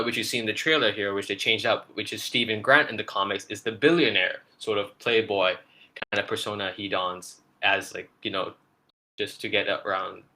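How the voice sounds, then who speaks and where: A man's voice: on the low side, pushed and bright. A man co-hosting a casual trailer breakdown, rambling with lots of fillers and restarts. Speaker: podcast co-host.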